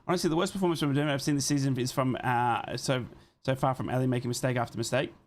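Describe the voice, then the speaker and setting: A man streams a live football watchalong in a loose, conversational way. He switches between calling the action on the pitch and answering viewers' comments, and he is quick to apologize when he thinks he has been too blunt. His voice sits at an ordinary middle pitch for a man. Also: steady tone. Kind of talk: casual live match commentary and chat.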